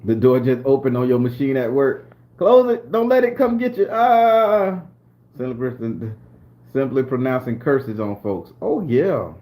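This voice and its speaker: A man from southern Florida with a Southern American accent, hosting a casual live-stream talk, animated and profane, often breaking into high exclamations. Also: measured pace. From southern Florida, USA. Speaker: spiritual channel host.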